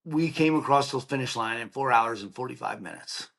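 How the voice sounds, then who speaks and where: A middle-aged man of ordinary pitch, a podcast guest, spinning a personal story with lively energy. He keeps a casual, run-on flow full of "like" and "right?" and slips into the voices of the people in his tale. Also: fairly quick. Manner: animated storyteller, acts out quoted dialogue, many "like" and "right?" fillers. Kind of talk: emotional personal storytelling in an interview.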